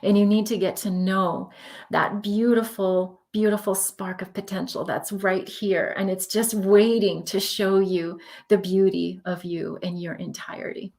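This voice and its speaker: A woman's voice: mid-range voice, steady tone, measured pace, a little mellow. A woman giving a live-streamed spiritual tarot reading, talking in an effusive, emotional, affirming way.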